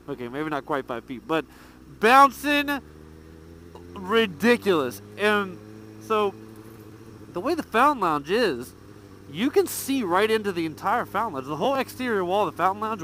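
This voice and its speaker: Man, high lively voice, swearing storyteller, helmet mic, faint road noise. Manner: animated, profane, laughing storyteller. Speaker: motovlogger. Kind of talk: casual storytelling vlog. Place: outdoors riding a motorcycle.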